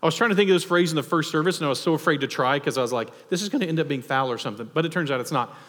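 A man preaching a sermon in a church, conversational and animated, acting out the characters he quotes. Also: fairly high pitch, very fast. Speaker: pastor. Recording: long hall reverb.

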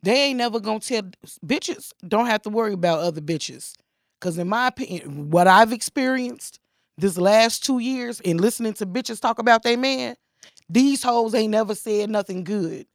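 A woman's voice: on the high side, normal speed, dry recording, clean studio sound. A woman co-hosting casual banter, blunt and profane, talking with heavy emphasis. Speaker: co-host.

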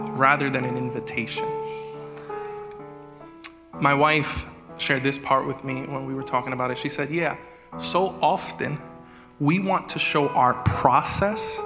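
A man preaches with animated energy, his voice sitting a little high. He speaks from a church sanctuary with a long echo. Guitar plays clearly behind him. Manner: animated preaching, acts out prayers in a raised voice. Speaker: executive pastor. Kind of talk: sermon. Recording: reverberant church hall with music.

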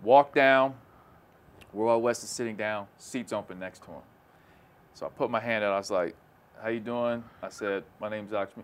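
This man co-hosts a podcast and tells a long story casually, bringing its people to life by acting out their voices with animation. He talks at a moderate pace in a voice on the low side, against slight background noise.

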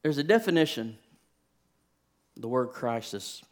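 A man in his thirties, a pastor, telling a personal story in a sermon, shifting from hushed, quiet stretches to rising, impassioned preaching. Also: mid-range voice, big pitch swings, a little slow.

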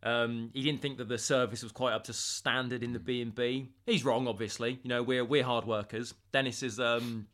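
A man in his twenties from England performing an improvised comedy sketch with earnest, deadpan mock-promotional delivery. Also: medium pitch, normal speed, hardly any pauses. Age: 20s.

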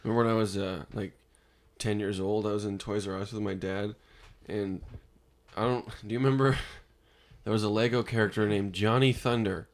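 A man's voice: on the low side, steady tone, normal speed. A man co-hosting a casual comedy podcast, joking and teasing his guests. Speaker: podcast co-host.

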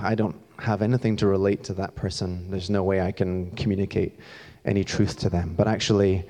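A man's voice: low voice, a little mellow. A young man from Scotland giving a chatty, self-deprecating sermon in a church, moving around as he talks. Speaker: church staff member preaching. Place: church hall. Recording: long hall reverb.

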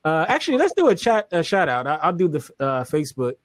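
A man's voice: fairly high pitch, huge pitch swings, fast talker, no echo. A man hosting a casual livestream chat, laid-back and slangy, laughing often. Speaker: host.

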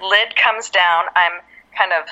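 An actress guest telling a story in a casual interview, laughing often and acting out what people said. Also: female voice, fairly low pitch, slow pace, lo-fi sound. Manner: laughs often, animated, acts out quotes.

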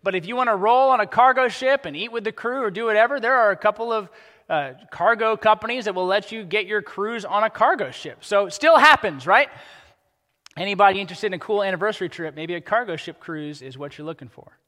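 A man preaching a sermon as pastor, animated and acting out the characters he quotes. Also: high voice, fairly quick, long reverb tail.

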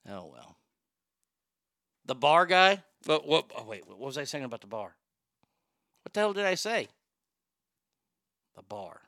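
Loud profane man with a bright voice. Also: fairly high pitch, measured pace, long pauses, dry recording, studio quality. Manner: loud, profane, excitable, laughs at own jokes. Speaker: show host. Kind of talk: crude comedic talk show rant.

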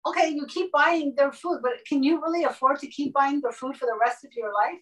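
A fairly high-voiced woman speaking as a guest on a video call, a little off-mic so she sounds distant. She tells her stories with animated emphasis and acts out what others said. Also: a little fast. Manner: animated, acts out quoted dialogue. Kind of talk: casual storytelling interview.

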